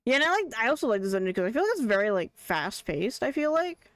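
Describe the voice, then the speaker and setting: Excitable streamer chanting at the game. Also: medium pitch, fast, no room sound, clean studio sound. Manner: excitable, chattering, chants a name over and over. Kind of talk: casual gameplay commentary.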